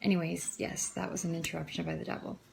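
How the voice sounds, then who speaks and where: A woman's voice: sits low, little pitch movement, quick pace, gravelly, darkish tone, a little hiss or hum. A woman talking casually into the camera, telling an emotional, rambling story of her faith, often quoting herself and others. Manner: emotional, rambling, frequent "I'm like" quotes. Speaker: vlogger sharing testimony. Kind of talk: casual personal testimony.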